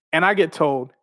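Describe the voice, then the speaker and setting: A professional wrestler, a man, tells stories from his career in a casual, animated way, swearing freely and laughing between phrases. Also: medium pitch, no echo, clean studio sound.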